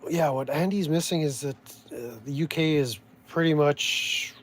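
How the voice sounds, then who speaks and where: Speaking on the high side at an unhurried pace, this Canadian-accented vlogger meanders through sardonic, offhand remarks. He keeps restarting, drifting off mid-thought and losing track of where he was going.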